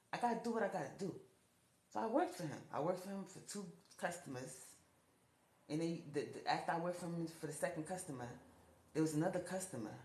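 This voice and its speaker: A woman telling her own life story to camera, repeating herself and rising in pitch when upset. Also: darkish tone. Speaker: TikTok storyteller. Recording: echoey room.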